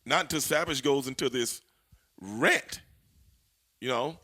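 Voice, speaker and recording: A man, a former pro wrestler, telling backstage stories in a casual interview, animated and full of profanity. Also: mid-range voice, unhurried. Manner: animated, profane, laughing storyteller.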